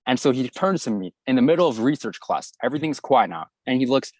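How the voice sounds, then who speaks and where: A young man in his twenties telling a school story in a casual, animated way, playing out the voices of the people in it. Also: medium pitch, fast talker, no echo. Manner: animated anecdote telling, acts out quoted voices. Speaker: guest YouTuber.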